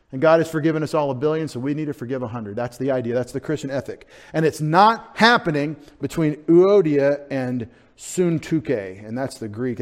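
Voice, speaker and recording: Animated higher-voiced male preacher. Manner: animated, swinging from loud emphasis to quiet asides; spells out and sounds out Greek words. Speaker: pastor. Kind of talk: sermon.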